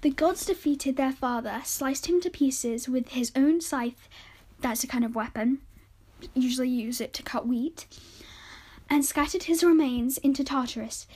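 A woman's voice: high-pitched, measured pace, darkish tone, slightly rough, poor audio. A woman reading the part of a stern male teacher lecturing a class from a storybook. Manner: lecturing, matter-of-fact.

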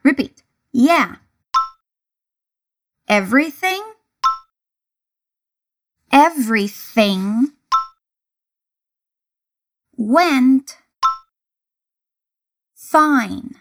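Woman, English teacher, repeat-after-me lesson, unhurried, animated delivery. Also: high-pitched. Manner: clear, deliberate, breaks phrases into single words.

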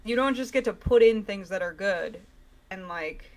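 A woman in casual podcast chat, ranting with animated exasperation. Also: medium pitch, normal speed.

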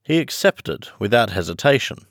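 A man narrating a classic story as an audiobook podcast host, measured and friendly. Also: fairly low pitch, sing-song, dry recording, clean studio sound.

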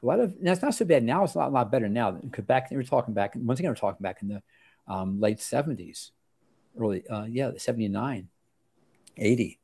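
Mellow-voiced older male doctor telling stories. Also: medium pitch, brisk, vocal fry, slightly rough. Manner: rambling, with many restarts and lively acted quotes. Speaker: osteopathic family physician, interview guest. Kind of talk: relaxed storytelling in an interview.

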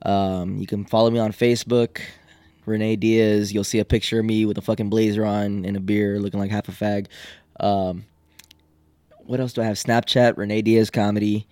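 A young man, a comedian, talking fast and loosely with plenty of swearing in a casual podcast chat. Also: lowish voice, level tone, mellow, no room sound. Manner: talks fast, swears a lot. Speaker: guest comedian.

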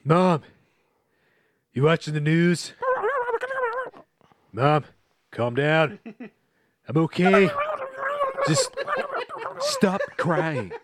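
A man's voice: a little high, huge pitch swings, very slow, long pauses, no room sound, exaggerated voice. A man voicing a panicked young male hostage who phones his parents, apologizing in an overwrought, stammering way in a comedic script read-through. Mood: frantic.

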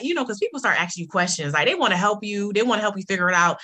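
Woman vlogger, casual storytelling, bright voice, very lively pitch, emphatic repeats, talks straight to viewers. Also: rapid-fire. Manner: animated, emphatic, keeps addressing listeners directly. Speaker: vlogger telling a personal story.

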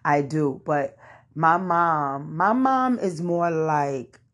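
A woman's voice: deep voice, extremely slow, a bit bright. A young adult woman hosting her own show, casually telling listeners a personal faith testimony, addressing them as y'all with lots of fillers. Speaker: podcast host.

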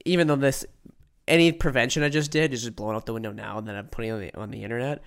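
A man's voice: mid-range voice, steady tone, rapid-fire, gravelly. A young man co-hosting a podcast, telling a long story in a loose, rambling way. He fills his sentences with "like" and "right?" and acts out what other people said. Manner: acts out quoted voices while telling stories. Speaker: podcast co-host. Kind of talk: casual storytelling chat.

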